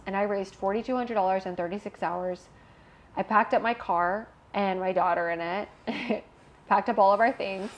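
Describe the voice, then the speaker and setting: A young woman guest telling a personal story in a candid interview, animated and emotional, laughing at times. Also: mid-range voice.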